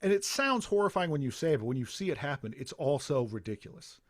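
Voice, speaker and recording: A man's voice: a little high, big pitch swings, quick pace, no room sound, studio quality. A man hosting a podcast, chatting casually in long, rambling explanations. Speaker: podcast host.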